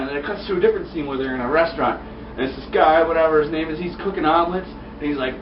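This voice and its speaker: A young man excitedly recapping an episode in a casual, rambling way, slipping into silly voices for the characters. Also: a little high, fast, background noise. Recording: echoey room, distant dull mic.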